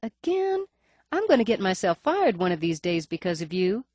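A woman's voice: mid-range voice, very animated, normal speed, a little mellow, no room sound. A woman voicing a blunt, teasing middle-aged female police records clerk with a nasal voice and a faint lisp, in an audiobook. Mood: wary teasing. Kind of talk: audiobook character voice.

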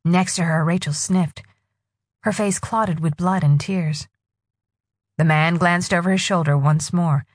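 A woman narrating a novel in a husky voice with expressive storytelling. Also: lowish voice, unhurried, no echo, studio quality. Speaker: audiobook narrator. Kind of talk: scripted narration.

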